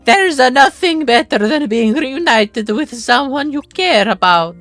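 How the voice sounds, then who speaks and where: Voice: high voice, expressive, measured pace, fairly bright tone, no room sound, soft background music, pitched above the performer's own voice. A streamer putting on a hammy Italian accent to voice a jolly old toymaker. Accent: put-on Italian. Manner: hammy, exaggerated.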